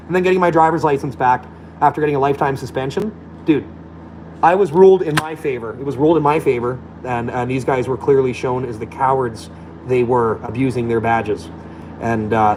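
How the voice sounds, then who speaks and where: A man from Alberta, Canada, with a medium-pitched voice rants bluntly and combatively over a noisy background. It's a loose, profane monologue full of free swearing.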